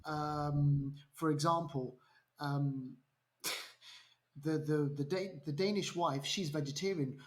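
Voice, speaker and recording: A man's voice: fairly high pitch, takes it slowly. A man co-hosting a podcast, casually retelling a film plot with lots of restarts and acted-out lines. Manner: animated storyteller, acts out quotes, many restarts. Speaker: podcast co-host. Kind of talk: casual film review chat.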